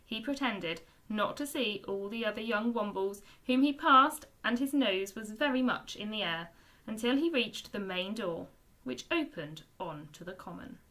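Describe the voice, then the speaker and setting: A woman teacher reads a children's book aloud to young pupils. Her voice is bright and clear, and her pitch rises and falls a great deal as she tells the story expressively. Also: lively intonation, moderate pace. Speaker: primary school teacher.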